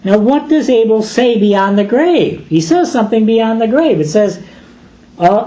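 Animated, slow-preaching man. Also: sits high, lo-fi sound. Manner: lively, emphatic, rhetorical questions. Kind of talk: sermon.

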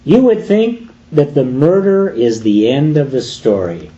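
A man's voice: medium pitch, lively intonation, a little slow, mellow. A man preaching a sermon, emphatic and full of rhetorical questions, on a dull lo-fi recording.

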